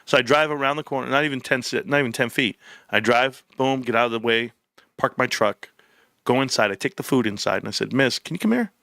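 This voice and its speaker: A man hosts a casual live stream and tells stories in an animated, emphatic way full of slang. His voice is bright and forward with a gravelly edge. The sound is dry and close, with no room in it. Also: mid-range voice, brisk, dry recording.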